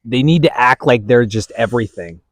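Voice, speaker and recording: Relaxed young man, easy laugh. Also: mid-range voice, a little fast, dry recording. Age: young adult. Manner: relaxed, rambling, laughs easily. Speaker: podcast co-host. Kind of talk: casual chat.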